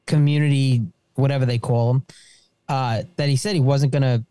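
A middle-aged man and small business owner talking casually on a podcast, halting and repeating himself as he talks. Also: medium pitch, steady tone, dark tone, clear, resonant tone, dry recording. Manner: halting, repeats words and restarts. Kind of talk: casual political chat.

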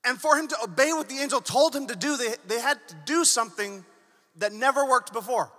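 A male pastor preaching a sermon, telling the story in a playful, animated way, from a church hall. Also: very high-pitched, fairly quick. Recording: echoey hall with long reverb.

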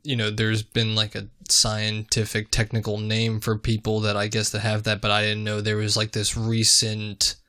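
A man co-hosting a podcast, speaking haltingly in casual chat. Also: on the low side, monotone, bright, forceful tone. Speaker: podcast co-host.

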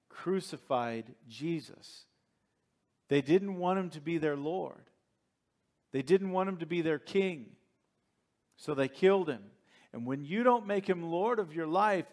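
A man preaching a sermon as pastor, reading scripture dramatically and moving between hushed and emphatic delivery. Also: high voice.

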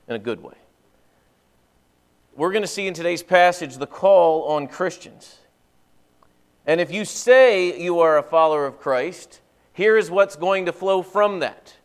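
Smooth-voiced earnest male pastor preaching. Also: sits high. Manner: earnest, conversational preaching with folksy asides. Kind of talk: sermon.

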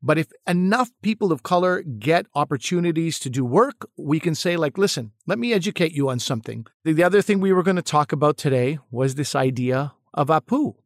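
A middle-aged man with a fairly high voice talks earnestly and with animation, circling back over his words as he thinks. The sound is dry and close, with no room behind him. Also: a little fast, hardly any pauses, no room sound. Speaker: podcast co-host and actor-comedian. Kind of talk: casual discussion.

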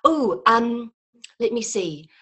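A middle-aged woman from New Zealand with a softened New Zealand accent, a guest chatting casually in a podcast interview, self-deprecating and rambling with many fillers. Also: fairly high pitch, lively intonation, takes it slowly, slightly rough. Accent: New Zealand, softened by years in England. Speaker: guest comedy writer.

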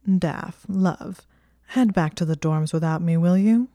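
A woman playing a smug teen wizard boy, mocking drawl, slow and mellow, dry storybook reading. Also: fairly low pitch, no room sound, close to an everyday voice. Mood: coaxing.

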